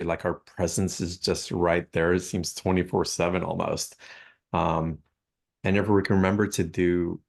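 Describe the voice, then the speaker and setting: A man hosts a call and reflects out loud in an easy, musing way. His voice is very low and gravelly with vocal fry, and he strings phrases together as he thinks. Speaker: host. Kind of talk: casual reflective chat.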